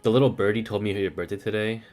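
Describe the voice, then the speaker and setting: A man streaming a game who casually translates the characters' dialogue aloud in a relaxed way. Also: lowish voice, fast talker.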